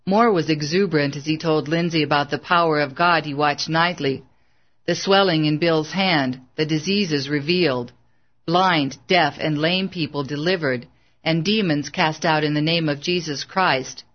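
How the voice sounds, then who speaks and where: A narrator reading a biography audiobook in an even, measured way. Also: mid-range voice. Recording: slightly dull lo-fi recording.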